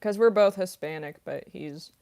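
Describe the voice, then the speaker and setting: A woman's voice: sits low, normal speed, vocal fry, dark tone. A young woman, a voice actress and singer, answering viewer questions in a rambling, casual livestream chat full of fillers and giggles.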